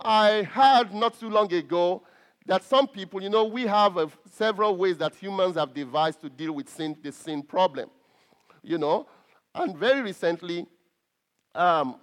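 Male preacher with a high voice, delivering an emphatic church sermon with frequent restarts. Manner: emphatic, stresses key words with pauses; repeats words as he restarts.

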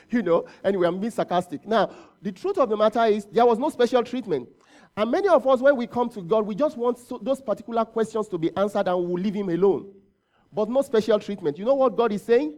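Guy preaching a sermon, pretty high voice but soft and mellow, chatty, keeps asking the room questions. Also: lively intonation, fairly quick. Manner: conversational, with rhetorical questions and self-corrections. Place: church service.

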